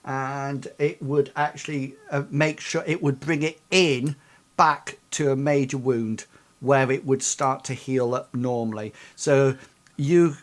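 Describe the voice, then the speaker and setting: Slow, hesitant man running a tabletop game. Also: mid-range voice, steady tone. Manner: hesitant, many ums and restarts. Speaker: game master.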